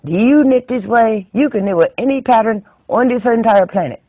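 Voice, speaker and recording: A woman's voice: a little high, lively intonation, normal speed, dry recording, voice pushed up. A man voicing a stern older female knitting teacher who scolds and corrects, in a tinny, dry, phone-like recording. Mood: scolding. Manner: bossy, scolding, emphatic.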